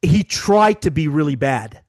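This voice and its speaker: A man's voice: a little high, lively intonation, measured pace, a little mellow, no echo. A man co-hosting a podcast, chatting casually about a film and telling stories with frequent restarts. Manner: chatty, trails off and restarts, tells anecdotes. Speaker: podcast co-host. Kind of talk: casual chat.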